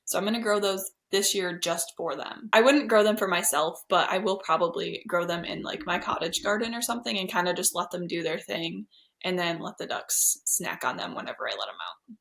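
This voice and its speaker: Easygoing low-voiced homesteading woman. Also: lively intonation, a little fast, fairly bright tone. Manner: easygoing and conversational, with frequent "like" fillers. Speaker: podcast co-host and homesteader. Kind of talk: casual chat.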